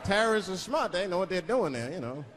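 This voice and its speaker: Audience laughter fills a live stand-up hall as a man tells loose stories and drops into character voices. He talks fast in a high-pitched, sing-song, somewhat bright voice.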